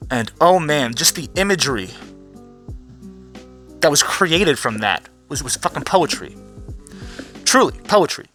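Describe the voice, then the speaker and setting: Bright-voiced man ranting profanely. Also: on the high side, sing-song, a little slow, pauses often, soft background music. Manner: profane, rambling, restarts often. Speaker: vlogger. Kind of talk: ranting commentary vlog.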